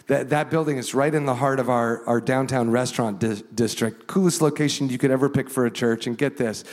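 A man preaching as a pastor, telling a story with animated delivery and acting out the voices of the people in it. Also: medium pitch, long reverb tail. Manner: animated, acts out quoted voices. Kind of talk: sermon storytelling.

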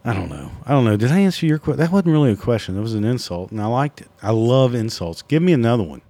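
A man's voice: medium pitch, very animated, fast, warm tone, no echo. Profane sarcastic man hosting a podcast. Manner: profane, sarcastic, self-mocking. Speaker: podcast host. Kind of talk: casual solo podcast rant.

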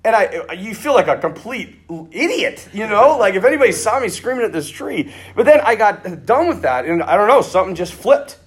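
A middle-aged priest giving a conversational sermon, telling stories and acting out bits of dialogue. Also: male voice, sits high, fairly quick, hardly any pauses, slightly rough. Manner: conversational, animated, acts out quoted dialogue. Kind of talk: sermon with storytelling.

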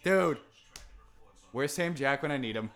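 A man's voice: medium pitch, animated, a little slow, creaky, fairly bright tone. Jokey man chatting casually. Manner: jokey, playful. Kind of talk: casual chat.

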